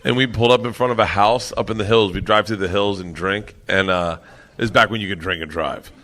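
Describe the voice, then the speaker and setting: A man's voice: on the low side, fairly quick. A man telling a wild story as a guest, laughing as he goes. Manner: laughing through a lively story. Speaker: guest comedian. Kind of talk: animated storytelling.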